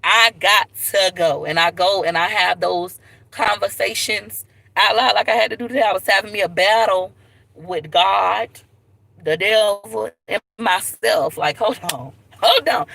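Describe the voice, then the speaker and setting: A woman speaks straight into her phone on a live stream, open and unguarded as she tells her story. Her voice is bright and forward, with a heartfelt edge and moments close to tears. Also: mid-range voice, gravelly, no echo, poor audio. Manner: candid, tearful at times, Southern US slang. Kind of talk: emotional personal storytelling.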